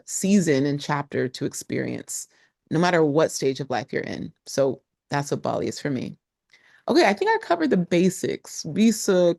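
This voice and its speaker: A woman with a low voice talks casually to camera as a travel vlogger. She is animated and expressive and throws in plenty of asides. The sound is dry and close, with no room echo. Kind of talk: casual talking-to-camera vlog.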